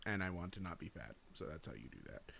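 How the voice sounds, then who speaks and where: A man's voice: low voice, expressive, fast talker, vocal fry, a bit bright, slightly rough. A young man co-hosting a podcast, telling a story in a casual, profane way and acting out the voices of other people. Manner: profane, laid-back storyteller acting out quotes. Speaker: podcast co-host.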